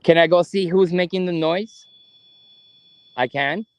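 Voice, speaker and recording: A man's voice: high voice, smooth, no room sound. Man coaxing spirits in a dry, close sound. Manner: slow, coaxing questions with long pauses. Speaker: ghost hunt investigator. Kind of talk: paranormal investigation, talking to spirits. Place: cemetery at night.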